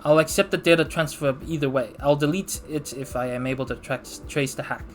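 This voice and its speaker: Male streamer as determined agent father, earnest and tense, upper-middle pitch. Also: steady tone, fairly quick, soft background music, natural voice. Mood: firm. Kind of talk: reading game dialogue aloud.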